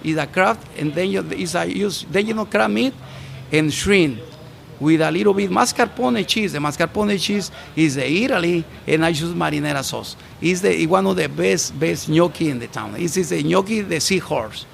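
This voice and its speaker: Chef from Mexico, gravelly voice, halting English, interviewed outdoors on a rooftop. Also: male voice, fairly high pitch, a little hiss or hum. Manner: halting, broken English with restarts. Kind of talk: casual interview. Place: restaurant rooftop bar, outdoors.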